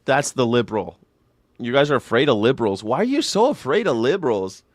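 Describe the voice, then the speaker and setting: Speaking a little fast with big pitch swings from a medium-pitched voice, a man runs a live political call-in show, delivering a profane, sarcastic comedic rant. He mocks with voices and reacts to chat, in clean studio audio with no room sound.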